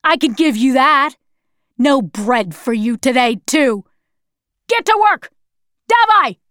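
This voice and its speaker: A woman's voice: fairly high pitch, lively intonation, slow, smooth, no echo, clean studio sound. A woman voicing a cruel, mocking male officer who jeers and barks orders. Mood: shouting. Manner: jeering and barking orders.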